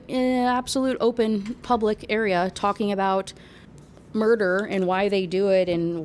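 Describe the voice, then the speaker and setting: A woman's voice: mid-range voice, moderate pace, a little mellow, slight background noise. A woman casually reviewing a book at home, chatty and rambling, with plenty of fillers and laughs.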